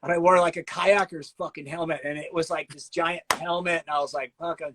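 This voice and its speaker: Middle-aged male host, lively storyteller, slightly high voice, laughs a lot. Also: fairly quick, low-quality recording. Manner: animated storyteller, acts out quotes, laughs often. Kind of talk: casual storytelling interview.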